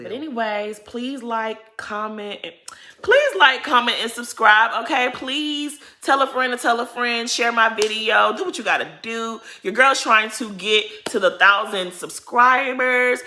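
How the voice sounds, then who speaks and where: Woman vlogger, bright tone, AAVE speech, animated and gossipy. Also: fairly high pitch. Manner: animated, chatty, slangy commentary. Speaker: reality TV recap vlogger. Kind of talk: casual chat.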